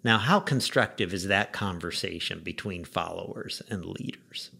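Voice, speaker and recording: A middle-aged man, a pastor, giving a short devotional message in a conversational, gently wry way with rhetorical questions. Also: deep voice, moderate pace, gravelly, slightly rough.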